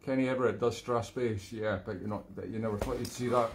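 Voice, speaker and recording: A man's voice: fairly low pitch, fairly even intonation, quick pace, a little hiss or hum. A middle-aged man hosting a home live stream, rambling and self-mocking as he reads viewer comments aloud. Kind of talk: casual live-stream chat. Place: home room.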